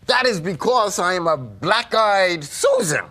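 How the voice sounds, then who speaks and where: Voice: medium pitch, big pitch swings, a little slow, bright, forceful tone, exaggerated voice. A performer playing a sly, joking wolf in a children's stage musical who sings and makes puns. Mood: coy. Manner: playful, sings a bouncy song, puns.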